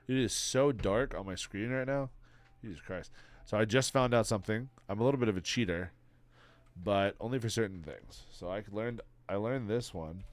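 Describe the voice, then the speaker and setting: A man's voice: lowish voice, normal speed. A young man from Texas with a stuffy nose, chatting casually on a livestream, rambling, swearing and laughing often. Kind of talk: casual stream chat.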